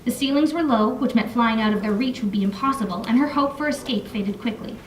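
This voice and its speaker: A woman's voice: on the high side, fairly quick, slight background noise. A young woman author reading aloud from her novel in a library, with casual, filler-laden asides between passages. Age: young adult. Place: library room. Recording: echoey room, mic from far off.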